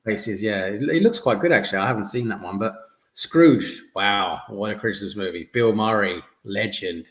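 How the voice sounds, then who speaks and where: A man's voice: on the low side, moderate pace, fairly bright tone. A man hosting a podcast in casual chat, enthusiastic, often stumbling and repeating words. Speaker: podcast host. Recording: echoey room.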